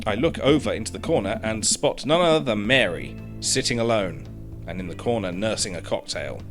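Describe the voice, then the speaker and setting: Animated, swearing gaming streamer man. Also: lowish voice, brisk, faint music behind. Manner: animated, sarcastic, swears freely. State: hoarse throat. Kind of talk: let's play commentary, reading game text aloud.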